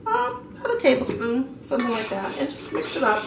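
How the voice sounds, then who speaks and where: A woman's voice: high-pitched, sing-song, fairly quick, vocal fry. Chatty woman demonstrating cooking, distant and echoey. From half Australian. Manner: chatty, explains as she cooks, many fillers. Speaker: home cook. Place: home kitchen. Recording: echoey room, distant mic, kitchen noise.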